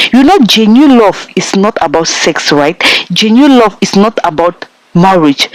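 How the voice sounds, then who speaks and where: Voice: medium pitch, dry recording, low-quality recording. A Nigerian-accented film reviewer giving an emphatic, repetitive plot recap and talking straight to viewers. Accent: Nigerian English. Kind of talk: casual plot recap with commentary.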